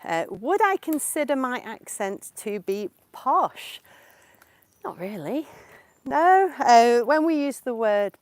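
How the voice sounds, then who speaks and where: Woman in her thirties, teacher walking outdoors, unhurried delivery, smooth clear tone. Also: on the high side, big pitch swings, no room sound. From England. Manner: slow, clear and explanatory, answering viewer questions. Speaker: English teacher. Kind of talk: casual live-stream lesson while walking. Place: outdoors in the countryside. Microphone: portable mic while walking.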